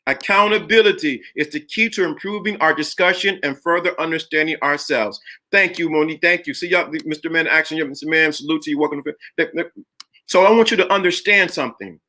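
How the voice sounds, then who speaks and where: A man's voice: fairly high pitch, a little fast, bright, forceful tone. A middle-aged man hosting a live motivational talk to viewers, preachy and emphatic, and he repeats lines to drive his point home. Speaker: live stream host.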